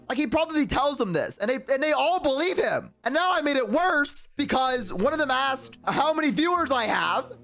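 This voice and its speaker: A man in his twenties, a VTuber streamer, telling a story in casual stream chat, animated and rambling with lots of swearing. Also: very high-pitched, moderate pace, gravelly, hardly any pauses. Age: 20s.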